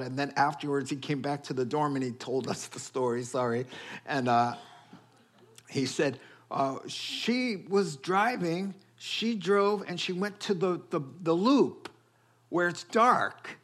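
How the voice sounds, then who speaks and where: A man preaching a sermon, telling stories and acting out quoted voices in an animated way. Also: fairly high pitch, unhurried. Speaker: pastor.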